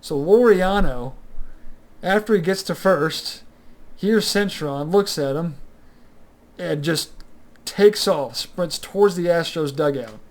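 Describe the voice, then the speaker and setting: A young man with a somewhat higher-than-usual voice runs through a sports recap on his own. He talks loosely and off the cuff, trailing into fillers and restarting his sentences as he goes. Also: slow pace, long pauses. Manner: rambling, many fillers like "sort of" and "uh". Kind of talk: casual solo sports commentary.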